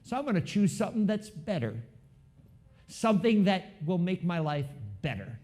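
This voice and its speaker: A man preaching to his congregation in a high, very lively voice. He keeps it conversational and keeps asking the room questions. He swings between loud emphasis and hushed asides. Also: moderate pace. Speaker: pastor. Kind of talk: sermon.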